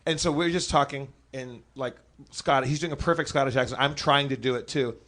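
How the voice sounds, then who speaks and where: A man guesting on a live comedy podcast, telling animated, profane anecdotes full of stumbling restarts. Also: medium pitch, fairly quick. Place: stage before a live audience.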